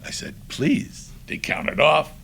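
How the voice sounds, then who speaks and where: An older man, a podcast guest, telling anecdotes in a lively way and acting out the voices of the people he quotes. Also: mid-range voice, normal speed, gravelly, slight background noise. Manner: lively, acts out quoted voices, breaks into laughs. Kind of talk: anecdotal storytelling.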